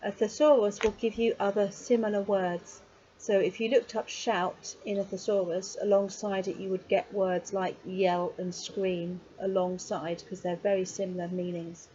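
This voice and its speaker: A woman giving a casual video lesson on writing poetry, chatty and encouraging, with frequent pauses and digressions. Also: mid-range voice, little pitch movement, dark tone. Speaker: poetry workshop teacher. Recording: slightly dull lo-fi sound with faint noise.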